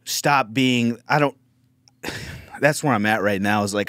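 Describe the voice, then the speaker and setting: A man's voice: mid-range voice, measured pace, fairly bright tone, no room sound, clean studio sound. A man hosting a casual podcast chat, candid and rambling, swearing as he tells stories. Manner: candid, rambling, profane storytelling. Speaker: podcast host.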